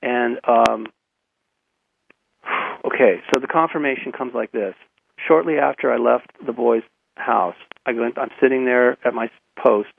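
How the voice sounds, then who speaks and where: Halting man on a tinny phone line. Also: medium pitch, gravelly, slight background noise. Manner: halting, repeats words, chuckles often. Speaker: guest. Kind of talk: personal storytelling in a radio interview.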